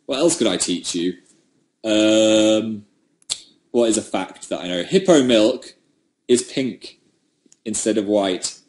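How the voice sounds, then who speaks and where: Chatting from home on a livestream, a man answers viewer comments through his webcam mic, rambling and poking fun at himself. His voice sits fairly low and sounds a little mellow.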